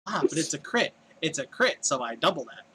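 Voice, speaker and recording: A man's voice: on the high side, big pitch swings, a little fast, noisy background. A man running a tabletop game as dungeon master, casually tallying dice rolls and narrating the fight. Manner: casual, rolling dice and tallying damage aloud.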